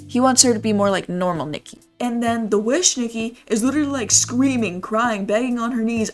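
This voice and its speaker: A young woman giving casual, blunt opinion commentary in a slangy, opinionated manner. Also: on the high side. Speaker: movie commentary YouTuber.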